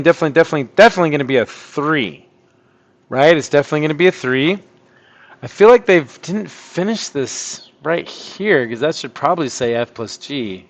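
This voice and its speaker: Chatty male math teacher thinking aloud. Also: on the high side. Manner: thinking aloud, chatty, with sudden surprised outbursts. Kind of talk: recorded online math lesson.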